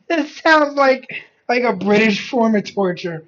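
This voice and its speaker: A streamer chiming in over a video with casual, joking remarks. The speech is slow and easygoing. The audio is a little dull and lo-fi. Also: mid-range voice, expressive. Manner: joking, laughing interjections. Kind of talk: casual reaction commentary.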